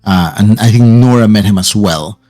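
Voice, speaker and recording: A low-voiced man acting as game master, narrating a tabletop game in a casual, halting way. He pauses often to fill in details, with faint music behind him. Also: mellow. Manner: casual, with frequent "uh" restarts.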